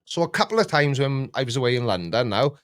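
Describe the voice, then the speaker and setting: A man hosting a casual chat, rambling and jokey, often jumping up in pitch. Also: big pitch swings, quick pace, dry recording, clean studio sound. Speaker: YouTube reaction host.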